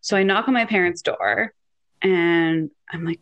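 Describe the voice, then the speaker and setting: A young woman co-hosting a casual chat, telling animated stories and acting out quoted lines. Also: fairly low pitch, unhurried, smooth, highs cut off. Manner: animated, says "like" often, acts out quotes.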